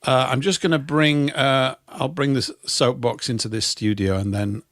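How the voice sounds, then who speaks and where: A man's voice: mid-range voice, steady tone, normal speed, fairly bright tone, no echo. Rambling Yorkshire man, dry humour. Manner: rambling anecdotes with dry self-mocking humour. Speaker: co-host. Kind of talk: casual radio chat.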